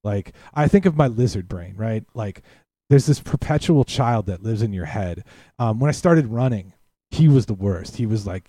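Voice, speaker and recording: A man talks as a podcast guest in a warm, mellow voice, recorded dry and close. He rambles through blunt, profane stories in a casual, easygoing way. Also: lowish voice, expressive, normal speed, no room sound.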